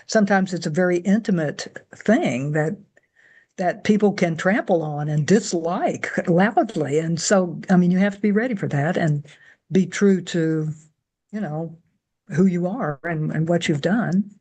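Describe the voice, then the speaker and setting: Thoughtful low-voiced woman guest. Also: unhurried, mellow, husky. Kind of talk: conversational interview answer.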